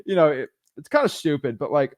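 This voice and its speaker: A man teaching real estate wholesaling in an energetic, animated way, often restarting and repeating words as he talks. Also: fairly high pitch, a little fast, no echo, studio quality. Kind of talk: energetic teaching with phone role-play. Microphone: studio microphone.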